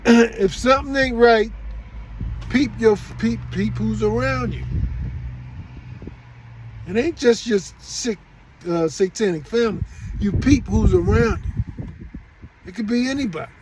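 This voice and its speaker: A man's voice: sits high, unhurried, pauses often, noisy background. A middle-aged man telling a rambling story straight to his viewers, often repeating and restarting himself. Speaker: vlogger. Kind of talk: casual storytelling monologue.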